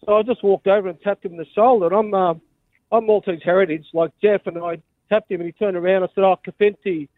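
A man's voice: high voice, steady tone, quick pace, no room sound. An Australian man calling in to a radio show over the phone, telling a story earnestly with hesitations. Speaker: caller. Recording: phone line.

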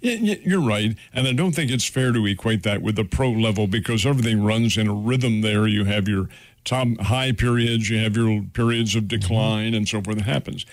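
A man's voice: lowish voice, moderate pace, no echo. An older man co-hosting a casual sports talk show, reminiscing with old-fashioned expressions.

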